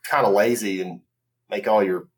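A man's voice: lowish voice, fairly even intonation, normal speed. A man from the American South co-hosting a podcast, chatting casually and laughing often as he riffs on jokes. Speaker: podcast co-host. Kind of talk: casual comedic chat.

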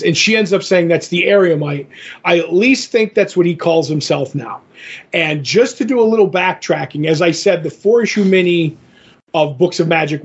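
A man's voice: fairly high pitch, breathy edge, dull audio. A man co-hosting a podcast, casually retelling a comic issue in a rambling way full of fillers and restarts. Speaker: podcast co-host. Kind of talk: casual comic book recap.

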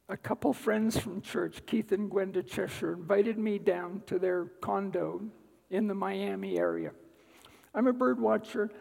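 A man giving a guest talk at church, telling a personal story in an unhurried way with dry asides. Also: high voice, creaky, darkish tone, breathy edge, in a large hall, low-quality recording. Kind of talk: sermon-style personal testimony. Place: church sanctuary.

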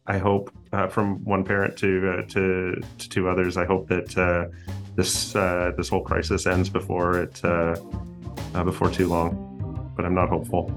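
A podcast host with a very low voice thanks his guests in a hesitant, halting way, then reads the closing credits. Music plays clearly behind him. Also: completely flat delivery. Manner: halting, hesitant wrap-up, then a read-out outro. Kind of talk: show wrap-up and scripted outro.

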